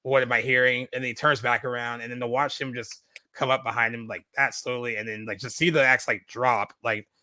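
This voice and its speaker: In a casual film review chat, a male podcast co-host speaks briskly with a steady, bright, forceful tone in a mid-range voice. He rambles with lots of fillers and restarts. It's a dry recording.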